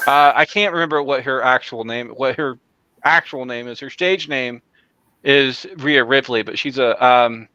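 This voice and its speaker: A man's voice: medium pitch, a little slow, sharp tone, clean tone, highs cut off. A man hosting a podcast, rambling in casual chat with many fillers and restarts. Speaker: podcast host.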